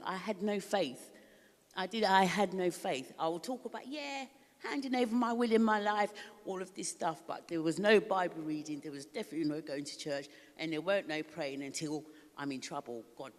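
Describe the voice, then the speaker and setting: A woman's voice: mid-range voice, normal speed. Middle-aged woman from Africa, raw emotional testimony, in a reverberant hall. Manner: candid, emotional, laughs often. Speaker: recovery ministry speaker. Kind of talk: personal testimony.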